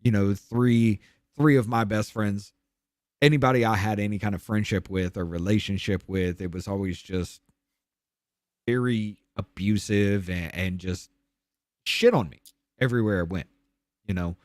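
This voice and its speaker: A man guest on a podcast candidly telling a hard personal story, blunt and profane, his voice dropping low and quiet on the painful parts. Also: normal speed, pauses often, dry recording, studio quality.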